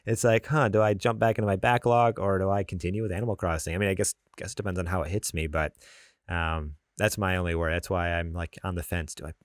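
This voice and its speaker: A young man co-hosting a gaming podcast, talking in an animated, rambling way with frequent laughs and restarts. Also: deep voice, fast talker, dry recording, studio quality. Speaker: podcast co-host. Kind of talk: casual chat.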